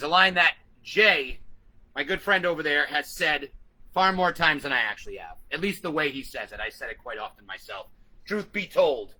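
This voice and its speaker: A man with a high, very bright and cutting voice rants to the camera, swearing freely and hammering each point home. He moves between combative tirades and answering viewer comments in a vlog. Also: poor audio. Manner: profane, combative, emphatic. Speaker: vlogger. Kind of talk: ranting vlog, reading comments.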